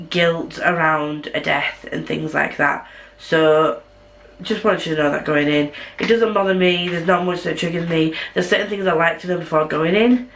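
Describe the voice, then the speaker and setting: A woman with a Yorkshire accent talks casually to her camera at home, rambling from one thought to the next. She drops self-mocking asides as she goes, and her voice sits a little low for a woman. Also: gravelly, slight background noise, poor audio. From Northern England. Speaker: vlogger. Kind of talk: casual chat.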